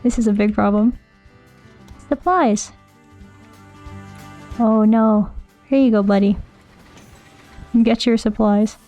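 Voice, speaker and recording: A woman streamer chatting casually while she plays a game, rambling, thinking out loud and answering her chat. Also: fairly high pitch, slow pace, pauses often, soft background music.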